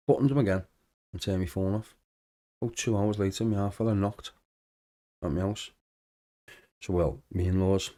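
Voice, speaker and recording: A man, a former footballer, telling lively anecdotes in a casual podcast interview, acting out the dialogue. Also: low-pitched, brisk, pauses often. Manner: animated anecdotes with acted-out dialogue.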